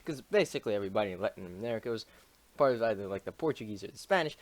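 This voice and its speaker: A man's voice: fairly high pitch, expressive, fast talker, no echo. Swearing man casually summarizing history. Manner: constant swearing, jokey, mumbling asides. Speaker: streamer summarizing a history chapter.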